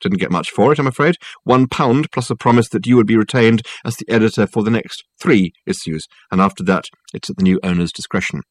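A man's voice: on the low side, no room sound, natural voice. Brief: male reader doing a poised aristocratic matriarch, sugary yet cutting, dry close sound. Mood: sweetly brisk. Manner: briskly sweet, coolly in control. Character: brisk, sweetly ruthless older aristocratic mother.

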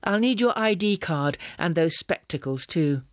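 A man's voice: a little high, lively intonation, moderate pace, no room sound, clean studio sound, voice pushed up, close to an everyday voice. Man voicing a cool, daring young woman spy. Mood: coolly menacing. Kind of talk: audiobook reading.

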